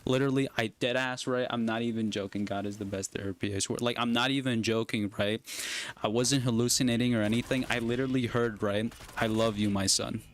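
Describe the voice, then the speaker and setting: A man's voice: medium pitch, fairly even intonation, brisk, a little hiss or hum. A young man telling a long personal story on a casual stream, rambling and tagging nearly every phrase with "right?". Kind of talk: casual chat while gaming on a stream.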